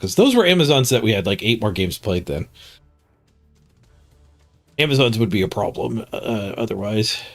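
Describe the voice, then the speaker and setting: A man's voice: lowish voice, sing-song, normal speed, pauses often, soft background music. A man streaming a game, reading stats and musing casually to himself, a bit stuffed up. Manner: muttering to himself, chuckling at stats. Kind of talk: casual gameplay commentary.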